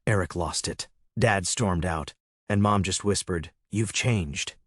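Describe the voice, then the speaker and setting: A man's voice: sits low, a little slow, a bit bright, no room sound, studio quality. A man narrating a first-person scripted story in a smug, matter-of-fact manner.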